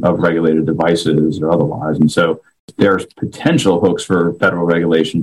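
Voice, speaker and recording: Male lawyer guest, deep husky voice, flat and measured, pausing often. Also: poor audio. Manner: halting, many fillers and restarts, measured. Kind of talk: interview answers.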